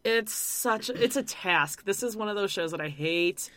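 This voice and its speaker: A woman's voice: medium pitch, expressive, a little slow, a bit bright. Chatty, gossipy woman podcast co-host. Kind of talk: casual chat.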